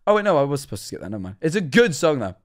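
A man's voice: fairly high pitch, sing-song, very fast, loud music behind the voice. Stammering, self-mocking young man streaming. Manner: stammering, self-deprecating storyteller. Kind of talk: livestream reaction chat.

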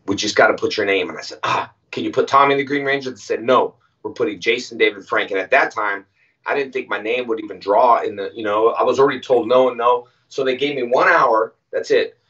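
A man's voice: mid-range voice, a little fast. Man telling stories from a distance. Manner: animated, acts out quoted dialogue. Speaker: guest. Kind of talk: casual interview storytelling. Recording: distant, muffled audio.

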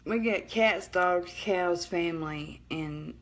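A woman's voice: lowish voice, slow pace. A middle-aged woman with a northeast Alabama Southern accent, chatting casually on a live stream from home, rambling and cutting herself off, laughing often. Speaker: livestream host. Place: at home at night.

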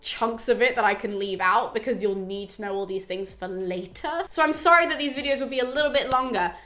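A young woman with a slightly high voice recaps a classic epic as if chatting with friends. She is irreverent and slangy and swears freely. Her delivery is loose and conversational. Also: fairly quick, a bit bright. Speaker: host retelling a classic epic. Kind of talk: casual slangy book recap.

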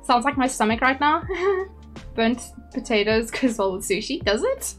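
A young woman streamer talks casually to her chat in a fairly high, bubbly voice, self-deprecating and quick to giggle. She sits at a home setup on a desk mic. Soft game music plays behind her. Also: animated.

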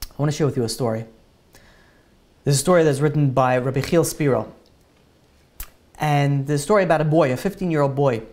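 Her voice is low and a little mellow as she delivers a heartfelt, sermon-like Tisha B'Av talk. She weaves in stories, frequently starts over, and performs the quotes.

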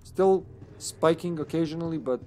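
A man's voice: fairly high pitch, normal speed, warm tone, slight background noise. Joking male game streamer. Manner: joking, laughs often, talks to his co-op partner. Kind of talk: casual live gameplay commentary.

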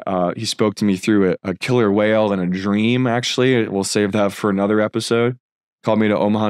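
A man in his thirties with a lowish voice tells his faith testimony with earnest fervor. The sound is close and dry, with no room around him. He builds from story to a heartfelt appeal. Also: no room sound. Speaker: filmmaker and content creator.

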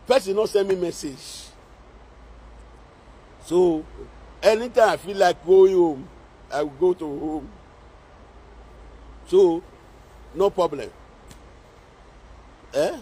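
A man's voice: high-pitched, slow pace, long pauses, mellow, breathy edge. A man speaking Nigerian Pidgin English, scolding and mocking in a repetitive social media rant. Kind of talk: scolding live-video rant.

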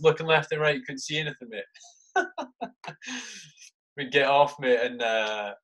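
The sergeant talks briskly in a mid-range voice that's bright and forceful. In his thirties and guesting on a podcast, he casually recounts war stories with heavy profanity, "mate" in each sentence, and performances of his past reactions.

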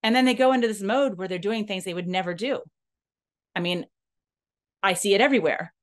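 A woman telling her own story in an emotional personal monologue. She is earnest and halting, restarts her sentences often, and rises and falls in pitch as she speaks. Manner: animated, rising and falling in pitch. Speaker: nonprofit leader sharing a personal story.

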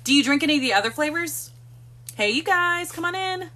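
A woman's voice: sits high, lively intonation, brisk, sharp tone. A woman hosting a casual live stream from home on a phone, chatting and greeting viewers by name one after another. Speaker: livestream host.

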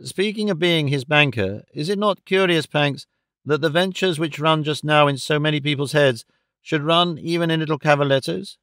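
Casting: sober, earnest gentleman, smooth close voice, read by a male narrator. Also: a little high, normal speed, no echo. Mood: musing. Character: grave, thoughtful male gentleman.

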